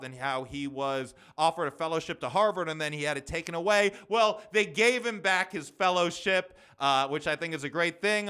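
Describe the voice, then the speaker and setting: A young man hosting a solo podcast, talking fast and rambling with lots of fillers and restarts. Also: a little high, pushed and bright, clear, resonant tone. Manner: fast, rambling, talks quickly with many fillers. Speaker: podcast host.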